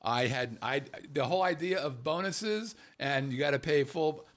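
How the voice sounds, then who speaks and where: A man's voice: fairly high pitch, moderate pace, a bit bright. A man hosting a casual talk show, swearing freely and acting out quotes in funny voices. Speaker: podcast host. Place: Las Vegas.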